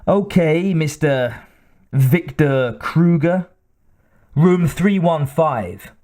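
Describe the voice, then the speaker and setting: A man's voice: on the high side, expressive, extremely slow, dark tone, pitched above the performer's own voice. A man voicing a sleazy, fawning young male hotel desk clerk in an audiobook. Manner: fawning, wheedling.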